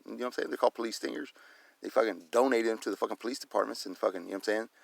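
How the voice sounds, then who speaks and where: A man's voice: lowish voice, very fast, creaky. A man ranting angrily and swearing constantly, repeating filler phrases as he vents. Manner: swears constantly, heated, repeats "you know what I'm saying". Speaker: vlogger filming a police and security encounter. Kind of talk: profane angry rant.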